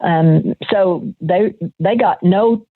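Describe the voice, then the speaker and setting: An older woman, a retired nurse, reminisces calmly about her career as an interview guest. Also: lowish voice, very slow, no room sound. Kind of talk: conversational interview. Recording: tinny phone-like line.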